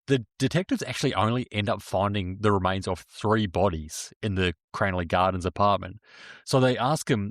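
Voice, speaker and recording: A man's voice: lowish voice, normal speed, no echo, clean studio sound. A man co-hosting a true crime podcast, telling the story casually, swearing and joking. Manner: swearing, joking, laughs often. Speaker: podcast co-host.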